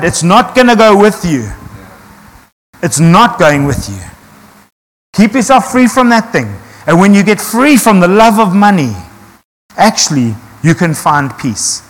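A man's voice: high-pitched, a bit bright, in a large hall. A man, preaching earnestly to his congregation and asking rhetorical questions. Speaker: pastor. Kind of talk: sermon.

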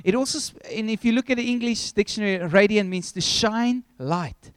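A man preaching a sermon, telling a story with animated, acted-out scenes. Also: high voice, moderate pace, clear, resonant tone, no room sound.

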